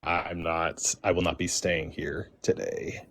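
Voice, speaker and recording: Male caller, lower register with a sharp, bright edge, casual ghost-story teller who rambles and quotes. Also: little pitch movement, unhurried, gravelly. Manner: rambling, heavy with fillers and restarts, quotes himself and others. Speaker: caller sharing a paranormal experience. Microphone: phone or stream mic.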